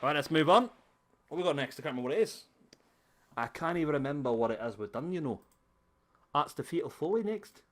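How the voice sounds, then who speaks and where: A man, commentating a wrestling video game on a live stream, excitable and jokey, bantering with his chat. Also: on the high side, brisk, pauses often. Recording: game crowd noise behind voice. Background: wrestling game crowd and arena noise.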